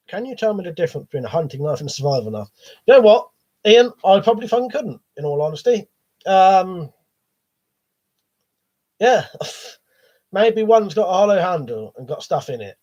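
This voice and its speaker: A man's voice: high voice, sing-song, moderate pace, long pauses, a little mellow. A man with a cold, coughing as he hosts a live stream, reading viewer chat in a rambling, sweary, hesitant way. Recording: dull lo-fi stream audio.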